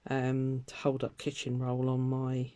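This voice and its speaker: An older woman rambles through a casual catch-up as she stitches, her voice mellow and soft-edged. She drifts between topics with plenty of fillers and light laughter. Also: rumbling low, monotone, unhurried. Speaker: craft vlogger. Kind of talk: casual chat while stitching.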